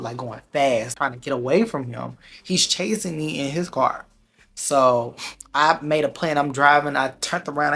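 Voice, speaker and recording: A man tells a personal story to his camera in loose, slangy speech that runs quick and lively. His mid-range voice carries a steady gravelly fry, and he gets animated as the story goes on. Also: medium pitch. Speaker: vlogger. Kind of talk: casual storytime vlog.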